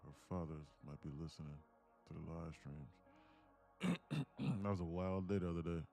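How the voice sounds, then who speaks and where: Brief: male streamer, low mellow voice, rambling casual storytelling, faint music underneath. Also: normal speed. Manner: rambling, laughs through stories, many fillers. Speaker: livestream host, day trader. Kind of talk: casual live-stream chat.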